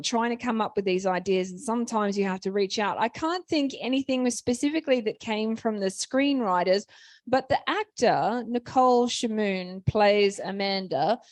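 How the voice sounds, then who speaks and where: A woman talks on a festival panel, telling anecdotes in a loose, chatty way and restarting her sentences often. Her voice sits at a middle pitch. The sound is dry and close to the mic. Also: no echo. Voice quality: chatty, storytelling with many restarts. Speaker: panel author.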